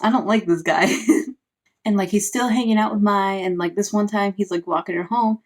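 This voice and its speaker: A woman's voice: mid-range voice, normal speed. A woman, a parent, giving a casual, sarcastic recap of a book, full of "like" fillers. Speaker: book reviewer.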